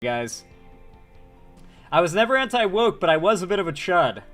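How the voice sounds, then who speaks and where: Male streamer, slightly high voice, casual and profane, faint music behind. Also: big pitch swings, normal speed, a bit bright. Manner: casual, swearing, reading chat aloud. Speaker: streamer and political commentator. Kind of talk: casual livestream commentary.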